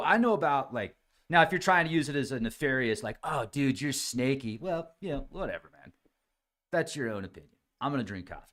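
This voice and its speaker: A man with a mid-pitched voice talks to his live audience in a loose, chatty way. His pitch swings widely as he reacts to comments, often calling listeners "man" and "brother.". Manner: animated, chatty, addresses viewers by name, says "man" often. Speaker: podcast host reading live chat comments. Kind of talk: casual livestream chat.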